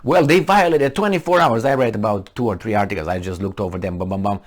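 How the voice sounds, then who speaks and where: Reading the news out loud, this commentator offers casual spoken takes in a voice on the low side. He stumbles through fillers and restarts, and his tone turns heated and sarcastic as he goes.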